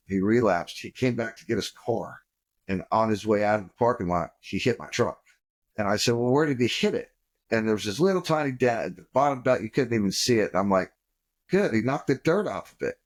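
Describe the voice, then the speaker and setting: A middle-aged man giving a candid personal testimony about his recovery, acting out what he and others said. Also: fairly low pitch. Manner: candid storytelling, acts out his own past voice in quotes.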